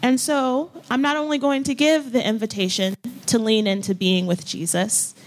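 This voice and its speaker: A woman pastor leads her congregation through a guided scripture practice in a church hall with folding chairs, her voice a little high and steady in tone. She speaks gently and unhurriedly, pausing often and inviting people into quiet reflection.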